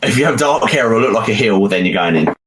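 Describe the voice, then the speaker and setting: Animated British man, low voice. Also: quick pace, noisy background. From United Kingdom. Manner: animated, rambling with fillers. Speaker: podcast co-host. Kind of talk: casual chat.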